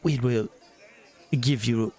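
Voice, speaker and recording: A man doing a slow, shrewd robed goblin. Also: medium pitch, fairly even intonation, darkish tone, close to an everyday voice. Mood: bargaining. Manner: slow, measured, formal bargaining.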